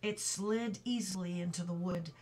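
A woman reading a children's book aloud, slowly and carefully, with small slips she stops to correct. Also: lowish voice, darkish tone, distant mic, slight background noise, rough recording. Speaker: reader.

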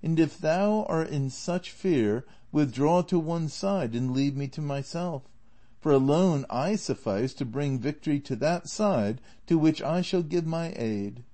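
A grandiose, deluded old knight declaims in stiff archaic speech, as a male audiobook narrator puts him on. The tone stays mellow and the delivery is heavy with self-importance. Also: a little high, animated, a little slow. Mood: lofty.

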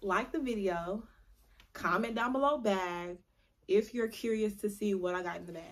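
Young woman vlogger, chatty and playful, drags words out for emphasis, average pitch. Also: normal speed. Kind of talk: casual vlog chat to camera.

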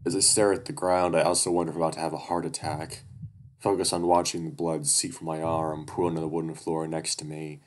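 A man with an extremely deep voice reads a first-person story aloud. His narration is quiet and steady, with the words kept even and unhurried.

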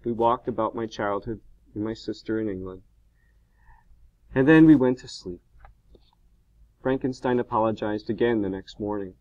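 A man reading a novel aloud in steady audiobook narration. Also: fairly low pitch, normal speed, pauses often, dry recording, highs cut off.

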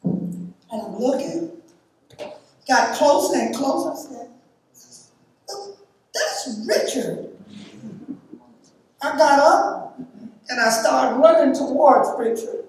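A woman's voice: high voice, slow pace, pauses often, darkish tone. A woman speaking at a memorial service, reading scripture and sharing heartfelt, emphatic memories. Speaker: eulogy speaker. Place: church or memorial hall. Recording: echoey hall from a distance.

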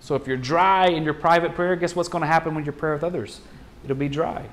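A male pastor preaching in a loose, conversational way. His voice sits a little higher than most men's, and he leans on rhetorical questions and quick restarts as he talks through the sermon. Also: fairly even intonation.

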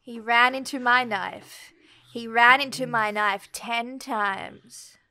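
Murderous mother with a bright, offhand mock-american drawl, put on by a woman. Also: on the high side, steady tone, slow pace. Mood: nonchalant. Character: cold-blooded mother who killed her husband.

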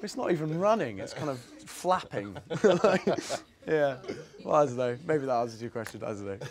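A man's voice: medium pitch, lively intonation, normal speed, a crowd in the background. A young man from England, an actor answering pupils' questions in a casual, rambling, self-deprecating way with frequent laughs. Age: young adult. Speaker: actor guest. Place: school room with audience.

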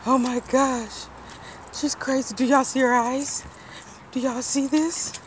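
A woman's voice: sits high, takes it slowly, heavy background noise. A mother filming her child outdoors for a family vlog, teasing and talking playfully to her viewers. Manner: animated, teasing, talks to viewers. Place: outdoors near woods.

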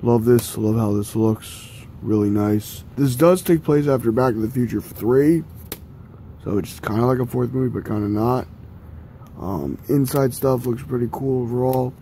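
Moderately paced and mellow in the mid range, over a little hiss or hum, this young collector shows his DVDs in a casual vlog. His talk is rambling and profane, peppered with self-mockery.

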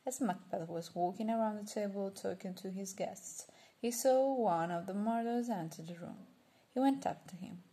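A woman reading a storybook aloud, slowly and carefully. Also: mid-range voice, dark tone. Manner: slow, careful reading with small slips. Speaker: reader.

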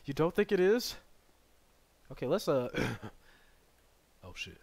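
A man streaming a game live, chatting with viewers and bursting into loud excited yells. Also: a little high, slow, vocal fry. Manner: excitable, bursts into loud yelling, banters with chat. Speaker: gaming streamer. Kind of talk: live gameplay commentary.

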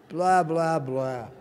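An older man giving a rambling storytelling speech at a conference, halting with many fillers and restarts. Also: a little high, slight background noise. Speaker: conference speaker. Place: conference hall. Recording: long reverb of a large hall.

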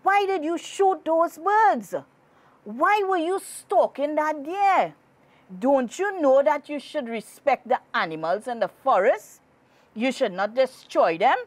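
A woman's voice: sits high, big pitch swings, takes it slowly, dry recording, pitched above the performer's own voice, full character voice. A woman voicing a stern old male forest spirit who bellows scoldings in a storybook reading. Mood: angry.

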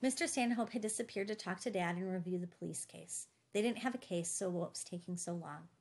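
Low, gravelly woman narrating a novel. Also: fairly quick. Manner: steady storytelling delivery. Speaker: audiobook narrator. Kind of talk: scripted first-person narration.

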